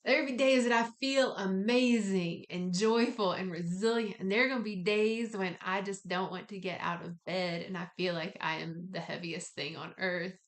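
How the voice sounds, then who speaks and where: A woman speaks in an easy, conversational way as she guides listeners through a spiritual practice. Her delivery is gently encouraging, with slangy asides mixed in. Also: medium pitch, fairly even intonation, normal speed, hardly any pauses. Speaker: spiritual wellness teacher. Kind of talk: casual spoken guided talk.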